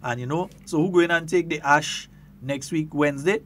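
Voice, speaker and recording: A man with a Grenadian accent hosting a radio talk show in casual chat, lively and quick to laugh. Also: a little high, a little hiss or hum. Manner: lively, laughs often, stretches words for emphasis.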